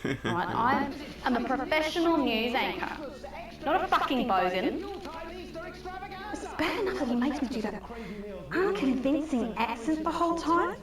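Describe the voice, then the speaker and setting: A sneering devilish temptress. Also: female voice, sits high, sing-song, unhurried, pauses often, a crowd in the background. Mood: indignant. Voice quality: teasing, sneering, theatrical. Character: mocking devilish woman tempting a man toward evil. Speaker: news anchor character. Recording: echoey distant game audio with music.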